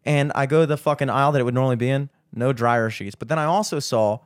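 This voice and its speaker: A man's voice: medium pitch, fast talker. A young man, telling a rambling, profane story in casual podcast chat and acting out the people in it. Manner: rambling, profane, animated, acts out voices.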